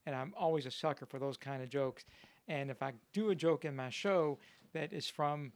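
A middle-aged male comedian chatting casually and retelling old jokes with lively delivery. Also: a little high, normal speed, no echo. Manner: animated joke-telling with character voices. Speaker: comedian guest telling jokes. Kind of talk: casual podcast conversation.

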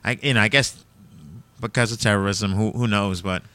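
A man from New York chatting casually as a podcast guest, agreeable and quick to say "right, right.". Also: lowish voice, fairly even intonation, sharp tone, no room sound. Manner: agreeable, says "right, right" often. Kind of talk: casual chat.

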